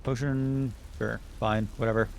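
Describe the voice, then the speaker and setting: A man's voice: mid-range voice, measured pace, vocal fry, slight background noise. A man casually thinking aloud while live streaming a video game, his throat getting a little sore. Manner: relaxed, muttering and thinking aloud while playing.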